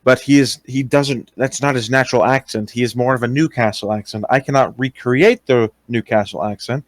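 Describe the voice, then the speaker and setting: A man's voice: medium pitch, a little fast, no echo. Young guy on a voice call, lots of ums and restarts, plain mid voice, dry sound. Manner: hesitant, many fillers and restarts. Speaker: interviewee recounting experiences. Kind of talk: casual voice-call talk.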